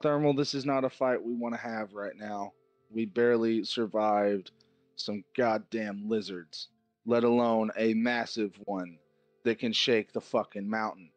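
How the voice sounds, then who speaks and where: A man's voice: lowish voice, fairly even intonation, unhurried, no echo, faint music behind. A man playing a tabletop role-playing game, talking bluntly in character and swearing often. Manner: blunt, profane, urgent. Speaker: player.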